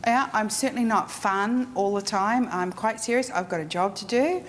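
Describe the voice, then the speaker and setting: A woman teaching a live photography workshop, frank and animated, acting out her clients. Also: medium pitch, normal speed. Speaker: photography instructor. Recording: echoey room with faint noise.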